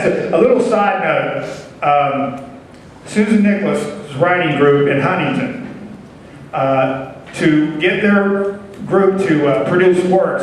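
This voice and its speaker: A man's voice: fairly high pitch, a little hiss or hum. A man emceeing a live show, chatty and rambling, with lots of fillers. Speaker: emcee of a writers' conference show. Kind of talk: casual stage emceeing. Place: large conference hall. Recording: echoey hall from far off.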